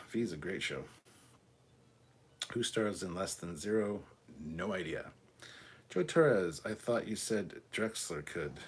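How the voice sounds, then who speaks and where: Low-voiced man reading chat. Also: husky. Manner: reads viewer comments aloud, then answers offhand with swearing. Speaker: livestream host reading chat. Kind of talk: casual live chat.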